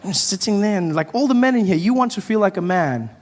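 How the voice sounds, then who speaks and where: A man's voice: high voice, expressive, quick pace. A man doing a stand-up routine on a comedy club stage, playful and riffing with the crowd. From South Africa. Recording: live club, long reverb, faint crowd noise.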